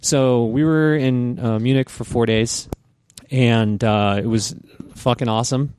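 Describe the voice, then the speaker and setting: A man's voice: medium pitch, a little slow, a little hiss or hum. A man co-hosting a casual podcast, telling a long story with lots of swearing and acting out other people's voices. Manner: lively, profane, animated storyteller who acts out voices. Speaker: podcast co-host.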